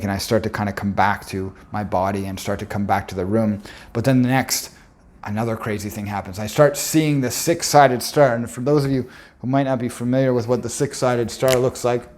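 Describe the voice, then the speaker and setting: A man's voice: on the low side, a little mellow. A young man telling a personal story in an earnest, intense way, often stopping to restart his words.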